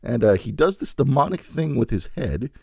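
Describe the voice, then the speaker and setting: Casting: gravelly man, swooping lively delivery, casual podcast co-host, dry close sound. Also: mid-range voice, moderate pace, no echo. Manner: rambling, laughs often. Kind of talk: casual chat.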